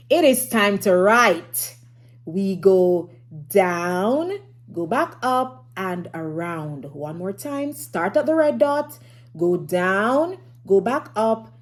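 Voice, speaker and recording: A woman's voice: medium pitch, big pitch swings, slow. A woman teaching a phonics lesson to young children, encouraging and sing-song, who sometimes drops to a whisper to build suspense.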